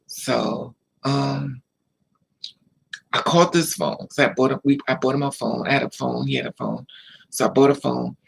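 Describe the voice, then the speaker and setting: Medium in pitch and steady in tone, this man speaks at a normal pace with vocal fry and a husky quality. As a vlogger, he casually and emotionally recounts a personal story on camera, repeating himself and quoting others. It's a low-quality recording.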